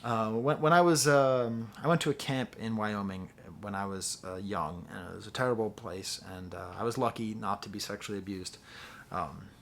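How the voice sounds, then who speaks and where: A man's voice: fairly low pitch, steady tone, moderate pace, a little hiss or hum. Rambling, digressive male music reviewer. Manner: rambling and digressive, with frequent fillers and restarts; mocks his own reactions in playful voices. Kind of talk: casual spoken album review.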